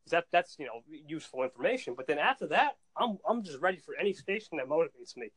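A young man chatting excitedly on a podcast, laughing and repeating words as he tells stories. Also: a little high, fast, breathy edge, low-quality recording. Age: young adult. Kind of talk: casual chat.

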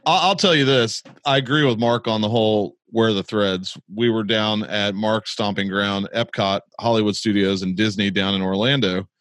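A man co-hosting a podcast, telling stories in an animated, casual way and often repeating words as he starts. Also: lowish voice, moderate pace, hardly any pauses, no echo, studio quality. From United States. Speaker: podcast co-host.

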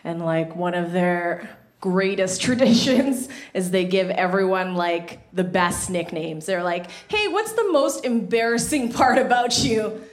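A young woman doing a stand-up comedy set on a club stage, chatty and self-mocking, filling her talk with "like". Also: mid-range voice. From Somalia (family). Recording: echoey room with loud audience laughter. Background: audience laughing.

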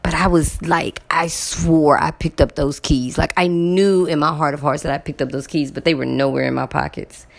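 A woman telling a personal story to her viewers in a casual, animated way, repeating words for emphasis. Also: low voice, moderate pace, gravelly, few pauses. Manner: addresses viewers directly.

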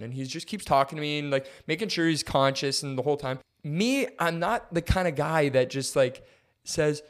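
Animated young man telling a story. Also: quick pace. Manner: animated, acts out quotes with big pitch jumps. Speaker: podcast co-host. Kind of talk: casual storytelling.

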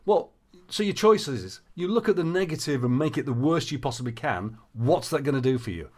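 Animated man telling coaching stories. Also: mid-range voice, fairly quick. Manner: animated storyteller, acts out quoted dialogue. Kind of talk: anecdotes and advice in conversation.

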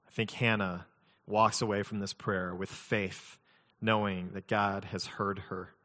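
A man's voice: lowish voice, little pitch movement, measured pace, bright, forceful tone, in a large hall. A man preaching a sermon as pastor, conversational, mixing scripture reading with humorous personal stories.

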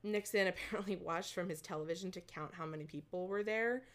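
A woman's voice: fairly low pitch, fast. A young woman chatting casually, telling a story with many fillers and little laughs. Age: young adult. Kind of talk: casual chat.

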